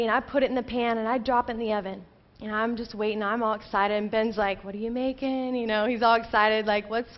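A woman's voice: fairly high pitch, muffled recording. A woman preaching in a church, telling a personal story in a chatty way and building to urgent questions for the congregation. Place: church sanctuary.

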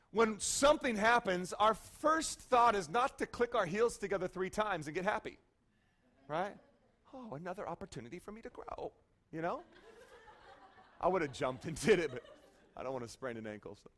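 A male pastor preaching a sermon in a lively, conversational way, often checking in with "okay?". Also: high-pitched.

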